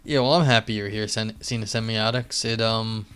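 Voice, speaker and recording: Male streamer, casual and rambling, with a smooth tone. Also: on the low side, fairly even intonation, moderate pace, a bit bright. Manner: rambling, many fillers and restarts. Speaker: live streamer. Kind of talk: casual live-stream chat and reading aloud. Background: faint music.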